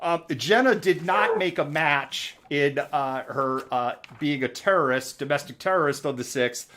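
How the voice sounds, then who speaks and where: A man's voice: on the high side, measured pace, fairly bright tone. A man hosting a live news commentary show, chatting in a sarcastic, mocking way. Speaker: host.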